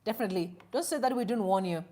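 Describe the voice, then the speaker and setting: A woman's voice: mid-range voice, animated, very fast, dark tone. A woman from Zimbabwe, hosting a live stream with opinionated commentary and acting out both sides of a conversation as she tells a story. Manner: mixes Shona phrases into English.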